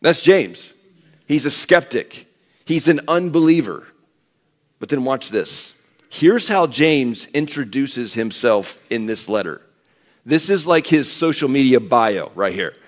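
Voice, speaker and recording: A middle-aged man preaching a sermon as pastor, conversational and animated, acting out quoted voices. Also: mid-range voice, takes it slowly.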